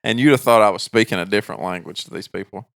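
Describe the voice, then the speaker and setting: Deadpan man with a country accent. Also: on the low side, fast talker, gravelly, no room sound, studio quality. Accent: rural country accent. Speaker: podcast co-host. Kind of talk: casual chat, storytelling.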